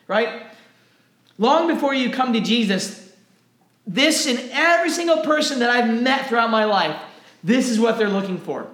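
Speaking at a normal speed, a pastor delivers an animated sermon in a fairly high voice, stumbling over repeated words as his intensity climbs. The echoey church room makes his voice ring.

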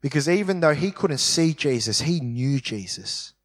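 A man preaching a sermon in a church, slowing down to stress key words. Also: on the high side, animated. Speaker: pastor. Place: church hall. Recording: long hall reverb.

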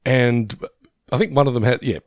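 Gravelly Australian man, jokey podcast chat. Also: medium pitch, normal speed, dry recording, studio quality. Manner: jokey, laughs often, swears freely. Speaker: podcast co-host. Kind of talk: casual chat.

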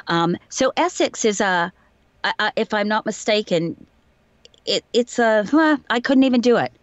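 A woman's voice: mid-range voice, expressive, moderate pace, no echo, lo-fi sound. A woman voice actor with a light received pronunciation English accent, chatting casually in an interview and explaining with examples in a modest, self-deprecating way. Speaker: voice actor guest.

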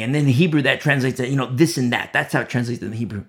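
A preacher delivering an animated sermon, driving points home with emphatic repetition and acting out the people in the story. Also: medium pitch, quick pace, few pauses. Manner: acts out quoted voices.

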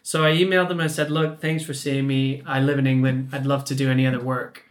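A Canadian man in his thirties, appearing as a podcast guest, tells a story in a casual chat and laughs often. His mid-range voice is flat in delivery and quick-paced.

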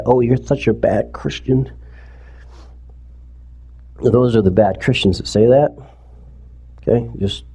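A man's voice: medium pitch, warm tone. A man preaching in a church, talking conversationally to the congregation and rising to impassioned pleading. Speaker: pastor. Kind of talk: sermon. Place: church sanctuary, streamed service.

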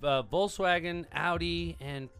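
A woman's voice: fairly low pitch, a little slow, a bit bright, soft background music. A woman co-hosting a podcast who also works as a radio DJ, joking, swearing and talking in a laid-back way. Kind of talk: casual podcast chat.

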